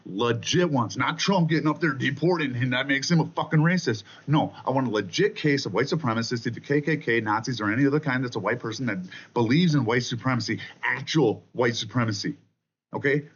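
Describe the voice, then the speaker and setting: A man's voice: medium pitch, a little fast, dull audio, slight background noise. A man venting to his camera in an angry, profane political rant, jabbing "okay?" at the viewer. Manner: profane, combative, repeats "okay?" often. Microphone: camera mic.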